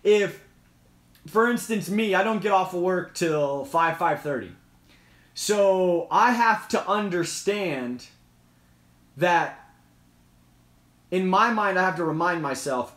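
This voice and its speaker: A man with a high voice hosts a casual live Q&A. He is chatty and emphatic and repeats his points as he explains them. The sound is echoey and roomy. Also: takes it slowly, long pauses, a bit bright. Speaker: host.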